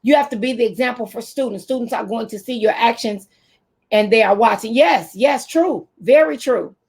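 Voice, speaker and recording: Animated high-pitched woman in her fifties. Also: normal speed, creaky, slightly rough. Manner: animated, preacherly, speaking in AAVE. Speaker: teacher trainer. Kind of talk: talking to camera.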